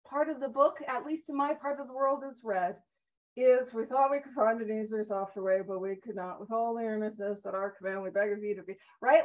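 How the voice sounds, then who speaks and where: A woman's voice: high-pitched, far from the mic, dull audio. A woman speaking to a recovery group in an earnest, conversational way, with self-deprecating asides. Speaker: recovery speaker leading a big book study. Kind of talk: informal talk to a recovery group.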